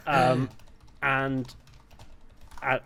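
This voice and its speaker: A man's voice: mid-range voice, completely flat delivery, very slow, creaky, bright, forceful tone. A man hosting a casual podcast chat, joking and steering the talk back on track. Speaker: podcast host.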